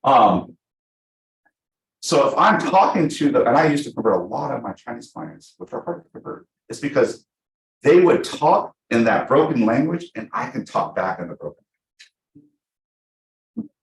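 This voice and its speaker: A chatty man teaches a room of real estate agents, acting out clients as he goes. His voice swings widely in pitch over a middle tone. The room is echoey. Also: normal speed, creaky, long pauses. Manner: animated, chatty, acts out quotes. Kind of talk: live class talk.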